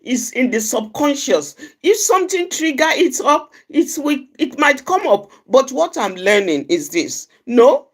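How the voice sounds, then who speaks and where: A woman speaks earnestly in a reflective outreach talk. Her voice sits fairly high and moves animatedly up and down. She often circles back and repeats a phrase to drive the point home. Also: big pitch swings, unhurried, few pauses. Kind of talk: personal reflective talk on anger.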